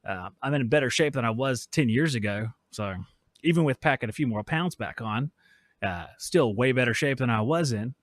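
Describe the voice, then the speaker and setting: A podcast host in his forties runs a casual live stream from his workshop, joking around and reading chat messages aloud. His medium-pitched voice is animated at a moderate pace, and he switches mics midway. The recording is dry, with clean studio sound.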